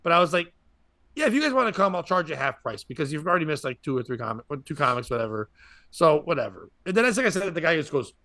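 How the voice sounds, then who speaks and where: Bright-voiced man telling a comedy story. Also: a little high, lively intonation, quick pace, no room sound, studio quality. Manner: rambling anecdotal, acts out other people's lines. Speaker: comedian and podcast host.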